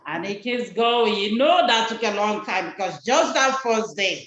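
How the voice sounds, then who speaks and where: A woman telling a children's story at church over a video call, animated and expressive, asking the children questions. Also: mid-range voice, moderate pace, echoey room, muffled recording, a little hiss or hum.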